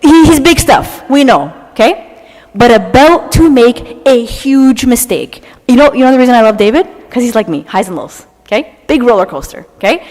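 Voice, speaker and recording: A young woman giving an animated, dramatic talk to a church audience, often tagging her lines with "okay?". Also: fairly high pitch, moderate pace. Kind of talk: lively talk to a live audience. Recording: long hall reverb.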